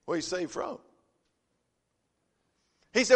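Man preaching, high voice, folksy storyteller, long hall reverb. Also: moderate pace, creaky, pauses often. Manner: folksy storytelling, swinging from loud emphasis to quiet asides. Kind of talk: sermon.

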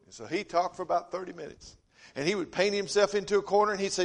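Man preaching, high voice, folksy storyteller, long hall reverb. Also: fairly even intonation, very fast, gravelly. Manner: folksy storytelling, swinging from loud emphasis to quiet asides. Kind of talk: sermon.

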